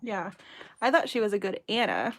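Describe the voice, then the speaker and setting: A woman's voice: medium pitch, big pitch swings, normal speed. A woman hosting a crafting livestream from her room at home, chatting casually and playfully while she works.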